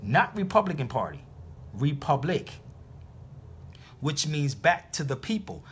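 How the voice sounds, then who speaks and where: A man's voice: a little high, big pitch swings, a little slow, a bit bright, a little hiss or hum. A man hosting a live internet radio stream, lecturing in an emphatic, preachy way and repeating his points.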